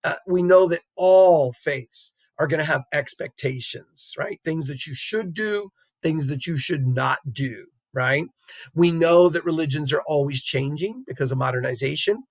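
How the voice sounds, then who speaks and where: A man's voice: fairly high pitch, unhurried, no room sound. A man teaching a recorded geography lecture in a conversational way, often checking in with "right?" and chuckling as he explains. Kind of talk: recorded classroom lecture over slides.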